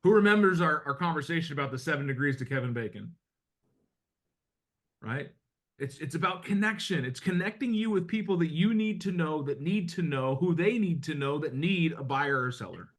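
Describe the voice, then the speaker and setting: A man's voice: a little high, expressive, normal speed, a bit bright. A middle-aged man from the United States coaching real estate agents in a blunt, conversational way, with some mild swearing. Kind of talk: motivational talk to agents.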